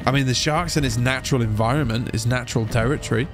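A young man chatting excitedly as he commentates his own game playthrough. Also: mid-range voice, fast, few pauses. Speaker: gaming YouTuber. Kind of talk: let's play commentary. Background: game music.

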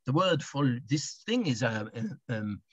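A man's voice: mid-range voice, very animated, a little slow, a bit bright, husky, dry recording, full character voice. A man voicing a fussy local Frenchman with a French accent, insisting in broken English mixed with French, over a dull lo-fi video call. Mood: insistent.

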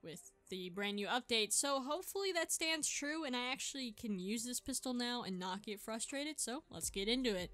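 A woman's voice: fairly high pitch, moderate pace, hardly any pauses. A woman hosting a gaming channel, giving live gameplay commentary in a chatty, self-mocking way and yelping in bursts. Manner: excitable, yelps and shouts in bursts.

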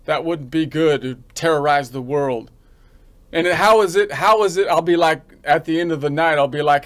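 A man practicing a stand-up joke alone, rambling through it with a mock-serious, deadpan delivery and many restarts. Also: a little high. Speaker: accounting instructor practicing a joke.

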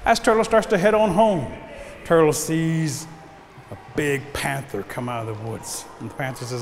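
A man telling a folk tale aloud in an animated way, acting out the action. The recording has long reverb and faint noise. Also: medium pitch, moderate pace. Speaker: storyteller. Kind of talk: oral folk storytelling.

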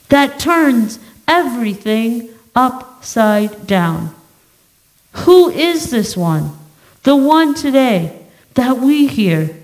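Slow, measured woman preaching. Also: fairly high pitch, low-quality recording. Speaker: pastor. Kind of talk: sermon. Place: church sanctuary.

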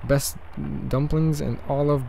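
A man's voice: on the high side, fairly even intonation, unhurried, creaky, warm tone, a little hiss or hum. A man voicing a polite, chatty male innkeeper in a game, with a put-on Russian accent. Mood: proud. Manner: courteous, hearty and chatty. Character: polite friendly male innkeeper, middle-aged.

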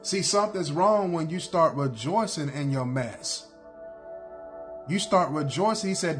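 A man's voice: a little high, animated, a little slow, fairly bright tone, soft background music. A man preaching a sermon in a blunt, repetitive cadence, hammering his points again and again.

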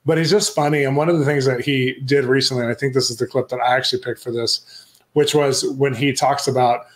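A man's voice: mid-range voice, steady tone, fast talker. A man hosting his own show, casually commenting on clips in a chatty, enthusiastic way. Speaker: show host.

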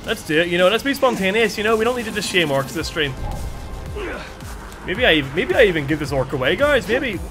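A young man streaming a video game, chatting casually and excitedly with his viewers. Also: high voice, fairly quick. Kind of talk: casual live-stream commentary. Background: game music and sounds.

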